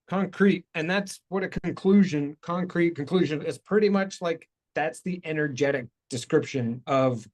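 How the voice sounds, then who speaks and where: Male host, casual and rambling, explains with lively jumps in pitch. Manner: rambling, self-correcting, animated explainer. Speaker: show host. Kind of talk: casual talk show chat.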